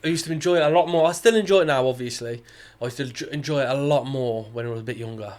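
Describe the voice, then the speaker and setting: Fast-talking young man. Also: medium pitch, a little mellow. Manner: chatty storyteller, swears freely, many restarts. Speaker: podcast co-host. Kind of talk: casual chat.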